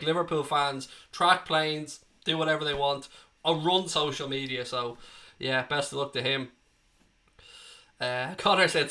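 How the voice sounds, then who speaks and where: A man's voice: mid-range voice, sharp tone. A man hosting a live fan stream, reading viewer comments, passionate and ranting, swearing freely, with a slight tickly cough. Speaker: fan channel host.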